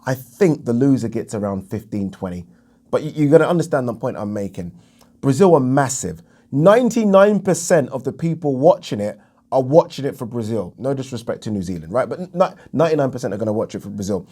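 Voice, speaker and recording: In a heated boxing opinion vlog, an English man rants alone, indignant and emphatic, repeating himself and cursing freely. His voice is medium-pitched and sing-song, fairly quick, warm and slightly rough.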